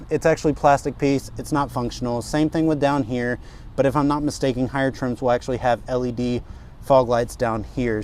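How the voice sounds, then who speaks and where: A man giving an energetic, chatty walkaround car review outdoors at a dealership, talking straight to his viewers. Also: medium pitch, slight background noise.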